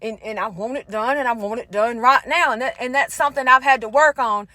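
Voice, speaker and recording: A middle-aged woman telling a faith story in a sassy, animated way, talking straight to her listeners. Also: fairly high pitch, brisk, no echo. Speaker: faith vlogger. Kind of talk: casual testimony storytelling.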